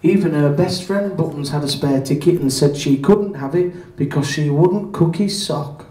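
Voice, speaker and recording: A male comedian in a pub telling a bawdy fairy tale full of spoonerisms in a deadpan comic way. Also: a little high, normal speed. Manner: deadpan comic narration with self-corrections. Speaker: stand-up comedian. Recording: echoey pub from far off.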